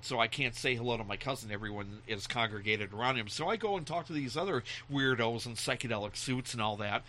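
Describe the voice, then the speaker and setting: A man chatting casually, telling animated stories and acting out the voices of people in them. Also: mid-range voice, fast talker, a little hiss or hum. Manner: animated storyteller who acts out voices, laughing often. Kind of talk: casual chat.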